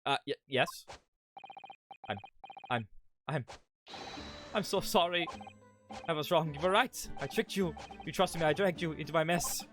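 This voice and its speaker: A man's voice: on the high side, measured pace, long pauses, fairly bright tone, soft background music, pitched above the performer's own voice. A man voicing a distraught elderly male professor who pleads and apologizes in a quavering voice. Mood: anguished, apologetic.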